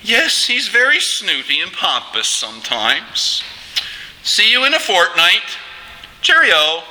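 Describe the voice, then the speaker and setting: A man putting on the voices of two prim, overly polite upper-class British gentlemen with a British accent. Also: sits high, huge pitch swings, slow, in a large hall, pitched above the performer's own voice, exaggerated voice, poor audio. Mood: genteel. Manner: overly proper, genteel phrasing.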